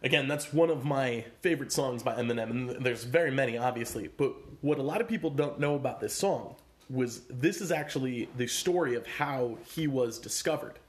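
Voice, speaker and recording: A man co-hosting a comedy podcast, chatting casually with his brother in a deadpan, joking way. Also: medium pitch, a little fast. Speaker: podcast co-host.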